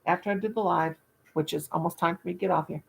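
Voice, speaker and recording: A woman's voice: on the low side, fast, gravelly, slightly rough. An older woman, hosting a casual livestream chat with viewers, folksy and self-mocking, laughing at her own jokes. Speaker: livestream host.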